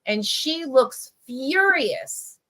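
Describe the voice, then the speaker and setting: A woman's voice: high voice, animated, very slow, pushed and bright, poor audio. A middle-aged woman from New Jersey, a press editor, chatting casually on a livestream as she tells a childhood story, full of "like" and "right?". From Camden, New Jersey. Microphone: video call.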